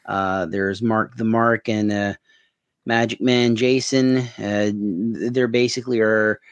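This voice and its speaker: A man chatting casually as a guest on a podcast, talking in a relaxed, halting way. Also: lowish voice, clear, resonant tone, dry recording. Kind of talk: casual chat.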